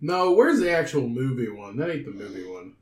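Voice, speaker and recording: A man's voice: medium pitch, big pitch swings, fairly quick, darkish tone. A man co-hosting a podcast, telling a rambling, profane story in casual chat. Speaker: podcast co-host. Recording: roomy, echoey room.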